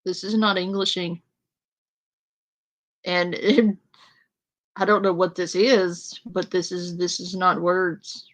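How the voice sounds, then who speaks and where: A woman on a panel talks slowly and deliberately in a lowish voice. She rants with exasperation and heavy swearing in casual commentary. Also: flat delivery, poor audio. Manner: exasperated, profane ranting. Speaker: panel guest.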